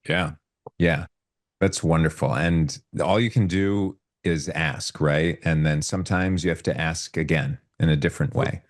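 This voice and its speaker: Deep-voiced male host on a video call. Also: a little slow. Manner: animated, imitates voices when retelling. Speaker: podcast host. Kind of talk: casual storytelling on a live video call.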